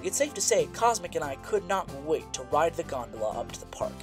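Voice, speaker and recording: A man's voice: a little high, big pitch swings, fairly quick, faint music behind. A young man hosting a theme park travel vlog, narrating his trip in a playful, upbeat way. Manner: playful, laughing, jokey. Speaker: vlog host. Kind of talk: casual road-trip chat and scripted narration.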